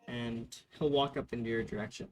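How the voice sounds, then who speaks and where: A man narrating a tabletop game as game master, halting with many fillers. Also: mid-range voice, fairly even intonation, darkish tone, rough recording.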